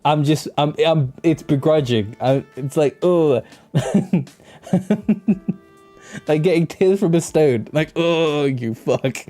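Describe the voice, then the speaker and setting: A man's voice: on the high side, takes it slowly. Laughing gaming streamer man. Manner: laughing often, joking. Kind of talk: let's play commentary. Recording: soft music behind.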